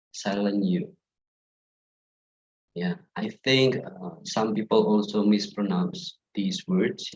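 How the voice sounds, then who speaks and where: A man's voice: on the low side, dull audio. A young man with an Indonesian accent teaching English pronunciation in an online class, saying each word again and again to contrast the right and wrong ways.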